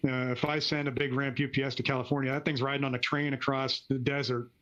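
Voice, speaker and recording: A man's voice: medium pitch, little pitch movement, quick pace, a bit bright, lo-fi sound, a little hiss or hum. A man from Pennsylvania, a guest who makes pinball ramps, chatting casually and rambling with fillers. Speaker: ramp maker guest. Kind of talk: casual chat.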